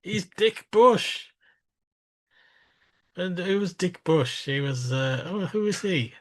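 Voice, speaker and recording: A man with a fairly high voice, joking on a podcast. He giggles through his own bits. He chats loosely as a regular co-host. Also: lively intonation, slow. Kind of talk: casual chat.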